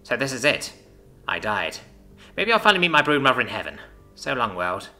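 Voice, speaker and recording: A man voicing a panicky female alien captain with tentacles, squealing in a high voice. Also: sing-song, a little fast, sharp tone, soft background music, heavily acted. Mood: dazed.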